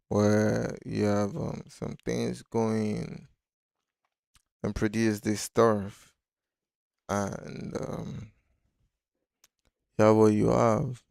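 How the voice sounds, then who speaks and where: Man, slow unhurried pace, flat delivery, dry close sound, casual rambling live tutorial. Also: fairly low pitch, vocal fry, dry recording. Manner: loose and meandering, thinking aloud with fillers. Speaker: design instructor.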